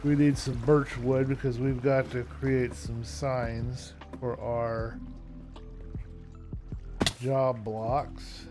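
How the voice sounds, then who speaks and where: A man's voice: little pitch movement, very slow. Tired, rambling man streaming a game. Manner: low-key, rambling, hesitant, yawning. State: tired and yawning. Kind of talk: casual live-stream chat while playing. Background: background music.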